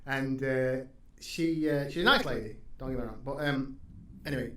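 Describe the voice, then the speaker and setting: A man, a stand-up comedian chatting as a podcast guest, rambling and sweary, quick to laugh. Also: medium pitch, a bit bright. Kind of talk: casual podcast chat. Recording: roomy echo, faint background hum.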